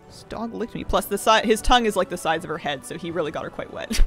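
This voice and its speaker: A woman's voice: on the low side, expressive, fast, a bit bright, faint music behind. A young woman streamer chatting casually with viewers, telling rambling stories with laughs.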